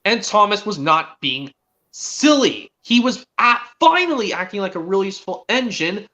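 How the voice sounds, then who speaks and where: Animated bright-voiced teenage boy streamer. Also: high-pitched, normal speed, dull audio. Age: teens. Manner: rambling, eager, restarts often. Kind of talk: casual chat.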